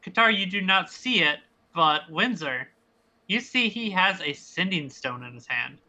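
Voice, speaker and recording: A man narrating as game master of a tabletop role-playing game, in a relaxed, halting way with many fillers. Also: high-pitched, lo-fi sound.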